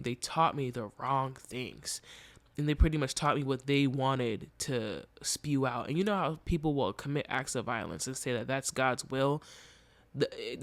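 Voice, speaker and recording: A man's voice: mid-range voice, no room sound. A young man hosting a podcast, speaking candidly and earnestly in a reflective, emotionally open personal monologue. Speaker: podcast host.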